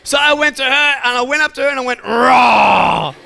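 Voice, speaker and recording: Aussie guy talking to schoolkids, high bright voice, playful, gets them chanting back. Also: level tone, racing. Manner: playful, leads call-and-response chants. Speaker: motivational speaker addressing schoolchildren. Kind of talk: animated interactive talk to kids.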